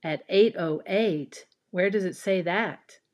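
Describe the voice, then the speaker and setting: A woman's voice: on the low side, takes it slowly. A woman reading an impatient male commuter. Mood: annoyed. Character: impatient male commuter waiting for a late train.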